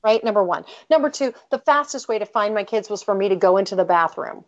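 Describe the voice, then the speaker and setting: A woman's voice: mid-range voice, lively intonation, quick pace. A middle-aged American woman telling a personal story in an interview, candid and emphatic, often breaking off and restarting her sentences. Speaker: author and guest. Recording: dull lo-fi audio.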